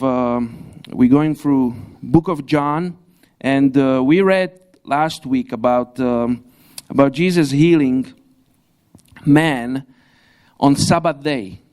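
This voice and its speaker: Male preacher, halting delivery. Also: mid-range voice, a little mellow, smooth. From Slovakia. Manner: halting, frequent restarts, non-native grammar, light laughs. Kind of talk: sermon. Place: church hall.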